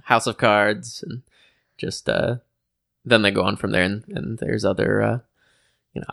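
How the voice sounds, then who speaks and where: A man co-hosting a podcast in casual chat, dryly teasing and talking haltingly with many fillers. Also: fairly low pitch, steady tone, gravelly, a bit bright, dry recording, studio quality. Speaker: podcast co-host.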